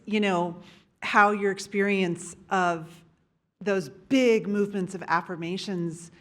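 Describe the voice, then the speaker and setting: A woman attending a workshop, thanking the leader and asking a thoughtful question. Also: mid-range voice. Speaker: workshop participant.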